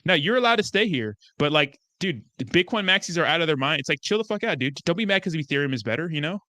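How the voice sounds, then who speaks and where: Male crypto streamer, fairly high and bright, cursing, excitable, dry close sound. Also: fast, dry recording. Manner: profane, excitable, talks back to chat. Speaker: crypto YouTuber host. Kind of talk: livestream commentary answering chat.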